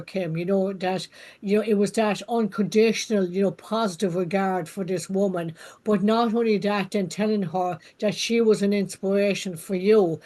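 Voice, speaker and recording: A woman hosting a casual interview. She speaks earnestly and affirms her guest often, sometimes stopping to restart a phrase. Her voice sits at a mid pitch. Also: a little mellow. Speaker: podcast host and counsellor.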